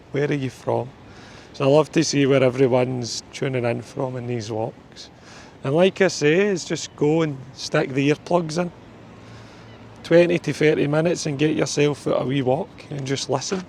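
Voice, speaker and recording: A man with a gravelly, slightly high voice talks through a coaching session while out walking. His talk is loose and friendly, with the odd mild swear. A faint hum of the street sits behind him. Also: darkish tone. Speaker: life coach. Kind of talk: casual walk-and-talk coaching. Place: outdoors on a walk near a street.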